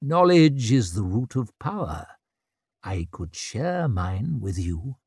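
A man's voice: fairly low pitch, big pitch swings, darkish tone, slightly rough, no room sound, studio quality, exaggerated voice. A man playing a cold, stern old wizard. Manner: slow, stern, weighty. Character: old male wizard, cold, proud and impatient.

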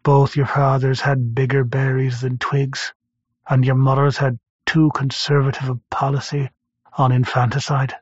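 A man's voice: medium pitch, flat delivery, moderate pace, breathy edge, no room sound, lightly acted. A man doing a crude, muttering woman prisoner. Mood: mocking. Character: crude, mocking female prisoner muttering jokes. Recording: dull lo-fi recording from a bit far.

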